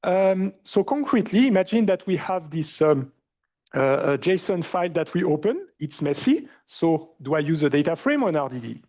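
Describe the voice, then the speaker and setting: Male lecturer, French accent, mellow tone. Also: fairly high pitch, very animated, moderate pace. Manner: asks the class questions, many fillers. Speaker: university lecturer. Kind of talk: university lecture. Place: lecture hall.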